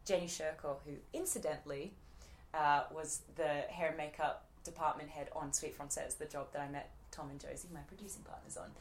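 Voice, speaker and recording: A woman's voice: sits low, fairly even intonation, brisk. A woman in her thirties with an Australian accent, chatting casually as an interview guest, full of fillers and restarts. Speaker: actress guest.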